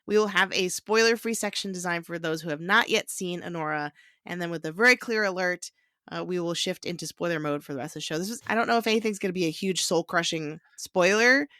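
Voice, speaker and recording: A woman hosting a casual film podcast, chatty and quick to laugh, with fillers and restarts. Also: on the low side, bright, forceful tone, dry recording, studio quality. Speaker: podcast host.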